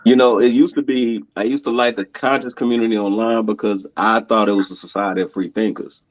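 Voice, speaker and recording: A man's voice: on the low side, a little fast, dry recording. A man speaking as a podcast guest in casual conversation, telling stories with laughs and acting out quotes. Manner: animated, laughing storyteller who acts out quotes. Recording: dull, dry lo-fi sound.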